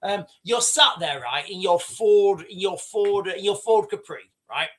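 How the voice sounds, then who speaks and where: A man's voice: high voice, a little slow. A middle-aged man hosting a livestream, ranting casually with lots of swearing and rambling asides. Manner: profane, rambling, animated storytelling. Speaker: livestream host.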